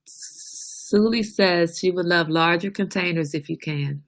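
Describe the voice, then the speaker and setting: Woman, 40s, livestream host, bright tone, talkative, teasing exasperation. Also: lowish voice, slow pace, few pauses. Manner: chatty, laughing, exasperated with her son. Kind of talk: casual livestream chat.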